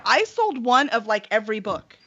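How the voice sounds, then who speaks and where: A woman's voice: a little high, very animated, moderate pace, pushed and bright, muffled recording. A woman hosting a casual live-streamed chat, talking at length in loose run-on thoughts with plenty of fillers. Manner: chatty, talks in long run-on thoughts with many fillers. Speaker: publisher and show host.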